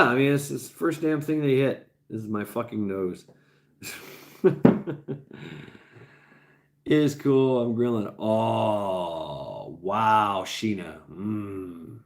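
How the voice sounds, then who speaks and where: A man in his forties with a lowish voice hosts a casual livestream chat. He rambles, swears freely, laughs often and goes over the same points again, clearly tired after many hours on air.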